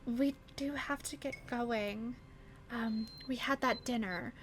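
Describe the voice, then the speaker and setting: A woman voicing a doting, fussy middle-aged mother who speaks softly but sternly. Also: sits high, expressive, slow, exaggerated voice. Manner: soft, stern, fussing.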